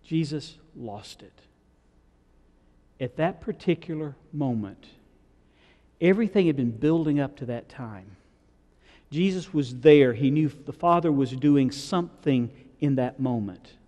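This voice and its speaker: A man's voice: mid-range voice, expressive, a little slow, warm tone, big-room sound. A man preaching a sermon, retelling scripture in a conversational way and asking the congregation questions. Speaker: pastor. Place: church sanctuary.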